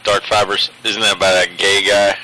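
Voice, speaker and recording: A man's voice: low voice, level tone, normal speed, very noisy. A man hosting a casual community radio show, laid-back and laughing often. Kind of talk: casual on-air chat.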